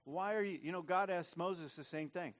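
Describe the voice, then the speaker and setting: A man's voice: high-pitched, moderate pace, a bit bright. Man preaching a conversational sermon. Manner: conversational preaching with frequent repeated words. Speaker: pastor.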